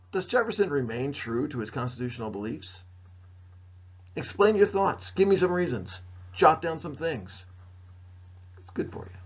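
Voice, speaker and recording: Jokey male teacher, raspy, lo-fi lecture recording. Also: mid-range voice. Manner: playful, jokey, talks straight to students. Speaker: history teacher. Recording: dull lo-fi recording.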